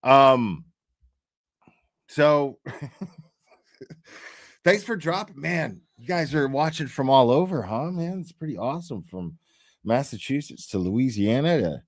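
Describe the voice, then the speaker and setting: Slow rambling livestream guy. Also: mid-range voice, lively intonation. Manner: loose and rambling, many fillers and laughs. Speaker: livestream host. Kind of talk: casual livestream chat.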